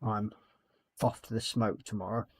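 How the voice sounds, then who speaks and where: A man's voice: on the low side, fairly even intonation, moderate pace, breathy edge, no echo. A man hosting a casual chat stream, talking while he paints a model and laughing often. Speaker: streamer host.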